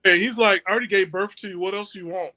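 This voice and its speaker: A man's voice: high-pitched, fairly even intonation, fast, pushed and bright. A man co-hosting a podcast, teasing his friend in casual chat. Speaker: podcast co-host.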